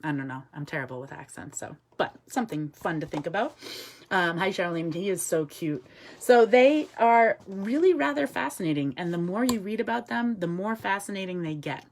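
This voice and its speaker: A woman with a low voice gives a relaxed live talk as a wildlife educator, filling her sentences with ums. She answers viewers' comments and murmurs soft asides to the bird beside her. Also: a little fast, slight background noise. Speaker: wildlife educator with an animal ambassador.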